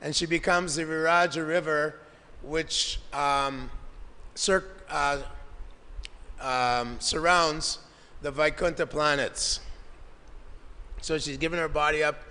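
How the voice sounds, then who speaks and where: A man's voice: on the high side, fairly even intonation, takes it slowly, long pauses, sharp tone, clear, resonant tone. A man giving a devotional lecture, narrating scripture stories with quoted dialogue and Sanskrit terms, in a temple hall. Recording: long hall reverb.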